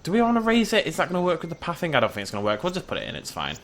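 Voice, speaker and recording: A man giving excitable, chatty gameplay commentary and talking to the animals on screen. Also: a little high, very fast, slight background noise. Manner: excitable, chatty, talks to the creatures. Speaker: gaming YouTuber. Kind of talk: game commentary.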